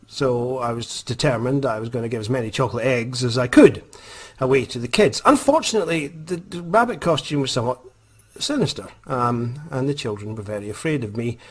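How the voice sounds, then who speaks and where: A Scottish man and author telling a comic story to camera in a wry, animated way. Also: medium pitch, slightly rough. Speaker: vlogger, author.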